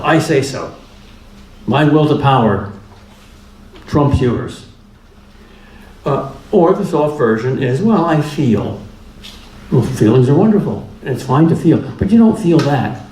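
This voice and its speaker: A man's voice: on the high side, animated, a little slow, pauses often, darkish tone. A man giving a public lecture in a plainspoken, humorous way, driving points home through repetition. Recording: echoey room with faint ambience.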